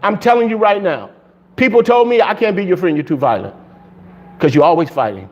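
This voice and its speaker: A male pastor preaching a sermon in an animated way, laughing often and shouting for emphasis. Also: high-pitched, fairly quick, lo-fi sound.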